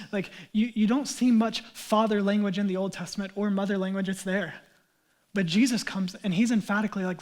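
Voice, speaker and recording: A man in his thirties, a pastor preaching a sermon in an earnest, conversational way with casual asides. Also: sits high.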